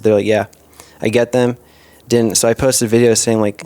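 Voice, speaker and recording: A man's voice: medium pitch, little pitch movement, normal speed, dark tone, no echo. A young man as a podcast guest, telling stories in a laid-back, slangy way. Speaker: podcast guest, content creator. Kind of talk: casual podcast chat.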